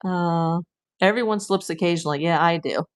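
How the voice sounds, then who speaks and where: A woman with a lowish voice at normal speed hosts her own livestream, talking casually and bluntly. She acts out what her commenters say and laughs easily between points.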